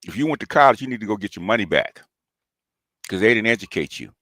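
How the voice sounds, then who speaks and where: Low-voiced guy going off on someone, combative and taunting, keeps saying okay, dry close sound. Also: expressive, fast, a bit bright, no echo. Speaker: commentary channel host. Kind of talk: confrontational call-out rant.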